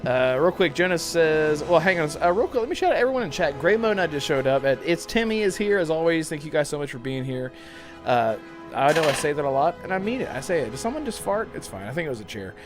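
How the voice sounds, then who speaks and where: A man's voice: a little high, sing-song, fast talker. A chatty male podcast host with a slightly raised voice, laughing easily as he talks. Faint music plays underneath. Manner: chatty, laughs often, reads chat aloud. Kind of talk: casual podcast chat.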